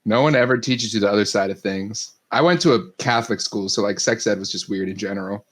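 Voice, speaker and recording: A man's voice: lowish voice, quick pace, fairly bright tone. A young man co-hosting a podcast, chiming in with dry questions and quips. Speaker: podcast co-host. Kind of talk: casual chat.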